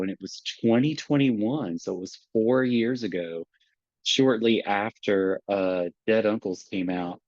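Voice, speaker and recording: A man who grew up in Appalachia, a guest poet introducing his work with relaxed, wry asides and reading his poems slowly and deliberately over a video call. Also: mid-range voice, no room sound. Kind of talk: poetry reading with casual introductions. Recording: dull, dry video-call audio.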